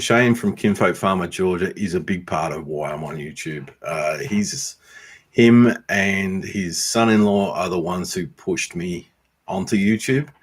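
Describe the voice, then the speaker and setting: Slow, deep-voiced Australian man. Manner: unhurried, frequent ums, teasing viewers by name. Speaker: YouTube homesteader and blacksmith answering viewer comments. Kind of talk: casual livestream chat.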